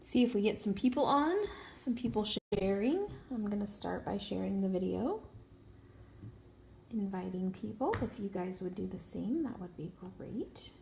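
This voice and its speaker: A woman with a Texan accent talks through a coloring tutorial in an easygoing livestream chat. She sounds worn out but laughs a lot, and her voice has a gravelly, fried edge at a middling pitch. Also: animated, normal speed, a little mellow, slight background noise. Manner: chatty, laughs often. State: tired. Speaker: craft tutorial host.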